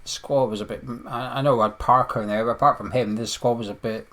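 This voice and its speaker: A man's voice: medium pitch, steady tone, fast talker, fairly bright tone. A man co-hosting a casual podcast chat, rambling and opinionated. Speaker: podcast co-host.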